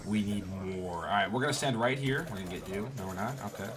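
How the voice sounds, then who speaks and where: A man giving profane, trash-talking commentary over a shooter game, with sudden loud outbursts. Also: lowish voice, fast talker, a crowd in the background. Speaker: gaming YouTuber. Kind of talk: gameplay commentary.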